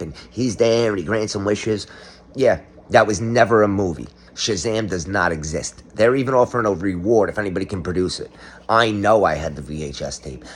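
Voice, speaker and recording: A middle-aged man doing a comedic monologue, ranting sarcastically as if exposing a conspiracy. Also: deep voice. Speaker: comedic commentator.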